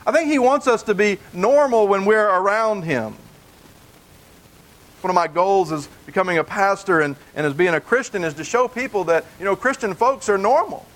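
Man, pastor, high voice, casual sermon, plain-spoken, earnest, repeats himself for emphasis. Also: normal speed, a bit bright, low-quality recording. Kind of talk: conversational sermon.

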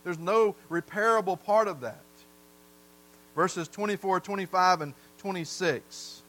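A man's voice: sits high, unhurried, fairly bright tone, low-quality recording. A man from the South, preaching a sermon in a folksy storytelling way and putting questions to the congregation. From American South. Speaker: pastor.

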